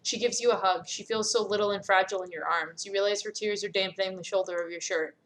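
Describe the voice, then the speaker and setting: A woman narrating as a cold inner voice, hushed, low and measured. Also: fairly even intonation, close to an everyday voice, rough recording.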